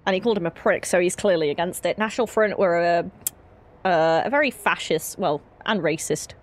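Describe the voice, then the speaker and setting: On the low side for a woman, this young gaming streamer's voice moves fairly quickly as she plays a horror game. She chats casually, giggles, and drifts into rambling asides.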